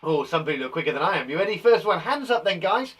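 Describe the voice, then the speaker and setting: A man's voice: fairly high pitch, very animated, fast talker, fairly bright tone, slightly rough, poor audio. A man teaching a live online lesson to young children, enthusiastic and encouraging as he praises their work. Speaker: primary school teacher. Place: garden shed.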